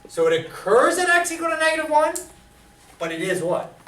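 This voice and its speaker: A man teaching math in a classroom, lecturing lively and quizzing his students with questions as he goes. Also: very high-pitched, a little fast. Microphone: camera far from the speaker. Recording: echoey classroom from far off.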